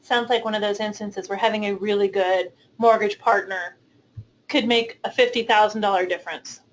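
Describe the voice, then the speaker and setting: A woman's voice: mid-range voice, steady tone, normal speed, low-quality recording. A woman hosting a webinar, putting brief practical questions to a guest. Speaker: webinar host.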